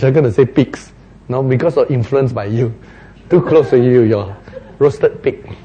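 A man preaching a sermon, retelling a parable with playful, animated storytelling and frequent laughter. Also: mid-range voice, breathy edge.

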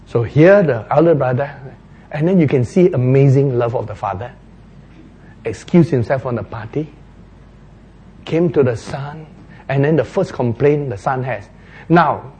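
A man preaching a sermon, retelling a parable with playful, animated storytelling and frequent laughter. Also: mid-range voice, slightly rough.

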